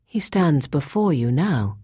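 A woman reading the lines of a calm, cryptic male cyborg with a deep, resonant voice, in terse, measured replies. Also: husky, no echo, clean studio sound, heavily acted. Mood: cool.

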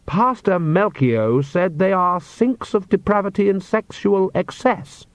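A man's voice: high-pitched, measured pace, dry recording, pitched above the performer's own voice. A man reading aloud and voicing a cheerful, bawdy old witch woman with a blunt, teasing manner.

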